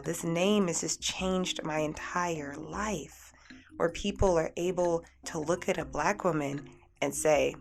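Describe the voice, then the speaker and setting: A woman's voice: deep voice, fairly even intonation, a little slow, gravelly. A woman hosting a spiritual radio talk show, earnestly telling a personal story in a heartfelt, repetitive way, with music playing behind her.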